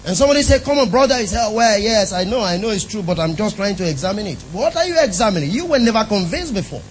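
A man's voice: sits high, expressive, quick pace, slight background noise, low-quality recording. A man preaching a sermon in an emphatic style, often asking the congregation questions.

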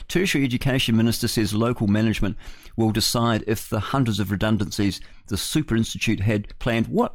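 A man's voice: lowish voice, fairly quick, no echo, clean studio sound. A man hosting a talk radio show, blunt and scoffing, rambling through fillers. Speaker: radio host. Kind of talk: opinionated talk radio monologue.

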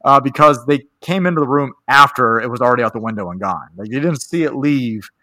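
A man's voice: medium pitch, expressive, a little fast, pushed and bright. A man chatting casually on a podcast, recapping a film in a rambling way, often laughing and acting out lines. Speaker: podcast co-host.

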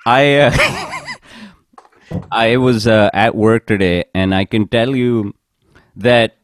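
Rambling man with an animated voice. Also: medium pitch, drawn-out words, no room sound, studio quality. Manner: rambling, laughing through anecdotes. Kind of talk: casual comedic storytelling.

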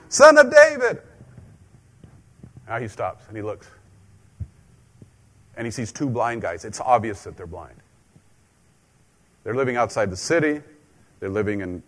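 A man preaching a conversational sermon as a pastor, joking in asides and repeating phrases for emphasis. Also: medium pitch.

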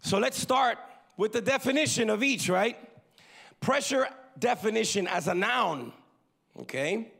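A male pastor preaching a sermon, calling for amens from the congregation and moving between loud emphasis and quiet asides. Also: high-pitched, vocal fry. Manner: preaching with call-and-response to the congregation.

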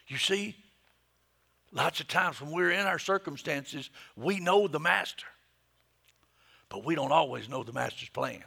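A middle-aged man preaches with a husky, gravelly voice that has a bright, forceful edge. He drops to hushed near-whispers, then climbs to loud, emphatic peaks. His pitch sits a little higher than most men's. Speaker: pastor. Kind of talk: sermon.

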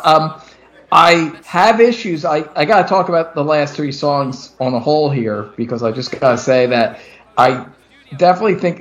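A man with a somewhat high voice leads a casual podcast chat. He weighs his opinions aloud in a halting way and restarts his sentences often. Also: fairly bright tone, dull audio. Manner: thoughtful, hesitant, with many restarts. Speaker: podcast host leading the discussion.

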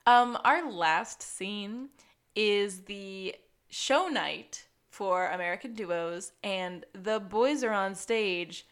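A woman's voice: mid-range voice, extremely slow, a bit bright. A young woman co-hosting a casual podcast, chatty and giggly, recapping a show. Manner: giggly, chatty, mimics characters badly. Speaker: podcast co-host.

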